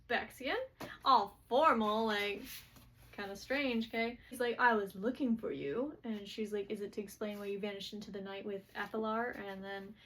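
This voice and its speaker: A woman's voice: medium pitch, a bit bright. Chatty woman recapping a book. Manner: chatty, quick quoted asides, filler-heavy.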